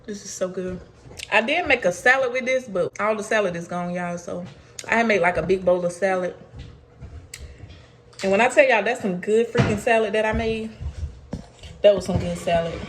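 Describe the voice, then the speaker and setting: A woman's voice: mid-range voice, normal speed, pauses often, slight background noise. A young woman, chatting casually to viewers as a cooking vlogger. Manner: chatty, addresses viewers as y'all. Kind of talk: casual vlog chat.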